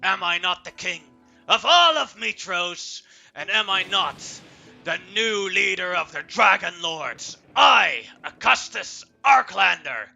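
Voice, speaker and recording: A man doing a proud, bellowing king who sneers at everyone and boasts of his own greatness. He pitches up and booms his lines with gloating laughter, slowly and deliberately, over background music. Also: sing-song, gravelly, bright, forceful tone, heavily acted. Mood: boastful. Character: boastful arrogant human male king. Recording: live stream with music behind.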